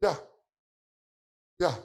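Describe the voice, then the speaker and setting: A male pastor preaching a sermon testimony, answered by his congregation, moving from hushed talk to loud shouting. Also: drawn-out words. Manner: preaching with call and response from the congregation.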